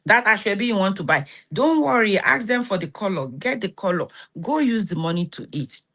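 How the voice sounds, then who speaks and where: A woman's voice: medium pitch, very animated, brisk, fairly bright tone. A middle-aged woman with a Nigerian accent hosting a motivational self-help talk, giving blunt, scolding advice and often asking if you understand. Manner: blunt, scolding advice with rhetorical check-ins. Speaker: host.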